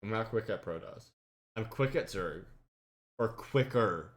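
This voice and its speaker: A man hosting a casual podcast and telling a gaming story with animated, acted-out quotes. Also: lowish voice, a little slow. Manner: animated, acts out friends' lines loudly, laughs. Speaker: podcast host and streamer.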